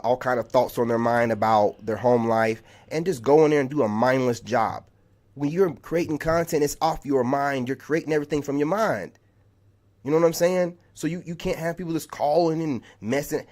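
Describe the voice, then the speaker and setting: A man's voice: medium pitch, normal speed, darkish tone. A man ranting in a vlog monologue, heated and exasperated, peppering his talk with "man". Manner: heated, exasperated, repetitive storytelling with lots of "man". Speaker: content creator.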